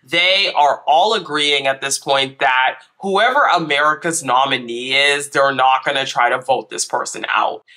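A man hosting a casual recap vlog, chatty and animated, his voice stuffy from a cold. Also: mid-range voice, measured pace, few pauses. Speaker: YouTube host.

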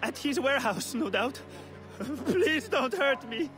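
A man's voice: very high-pitched, lively intonation, measured pace, music in the background. An actor playing a nervous townsman in a game who stammers and pleads when he is confronted. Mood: frightened.

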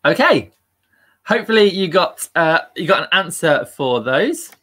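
A man's voice: on the high side, very animated, measured pace, a bit bright, breathy edge. A man hosting a live-streamed quiz, upbeat and chatty and laughing at himself. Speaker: quiz host.

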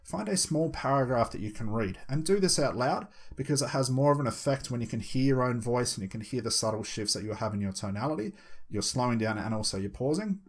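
A man teaching hypnosis, talking to the viewer and slowing down with deliberate pauses to show a hypnotic voice. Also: mid-range voice, breathy edge. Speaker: hypnosis instructor. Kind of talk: instructional talk.

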